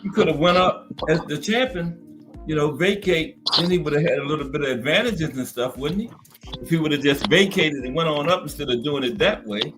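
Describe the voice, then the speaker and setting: A man's voice: a little high, brisk, fairly bright tone, soft background music, low-quality recording. A man hosting a casual boxing talk show, mostly giving short agreeing replies and now and then a longer point. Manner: brief agreeing responses. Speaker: host.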